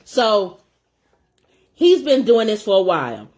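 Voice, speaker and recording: A woman co-hosting a casual food-and-talk show, telling a story in an animated way while eating. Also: mid-range voice, slow. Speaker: co-host.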